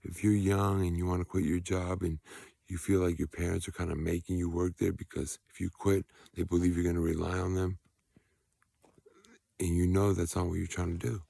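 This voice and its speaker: A man's voice: deep voice, level tone, moderate pace, vocal fry, mellow, no echo. A man delivering a rambling, preachy vlog monologue while walking outdoors at night, talking into his phone, with faint outdoor noise around him. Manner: rambling, preachy, grows heated and emphatic. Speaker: vlogger.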